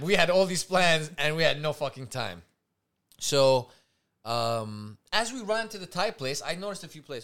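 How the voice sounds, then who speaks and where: A man co-hosting a podcast, telling a night-out story in a loose, profane, animated way and acting out what people said. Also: fairly high pitch, moderate pace. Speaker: podcast co-host. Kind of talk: casual storytelling chat.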